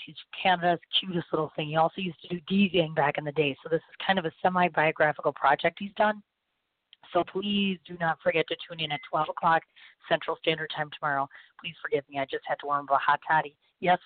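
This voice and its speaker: A woman hosting a radio talk show, hoarse from losing her voice, chatty and self-deprecating as she gushes over her guest. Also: low voice, no echo. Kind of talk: casual chat. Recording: tinny phone line.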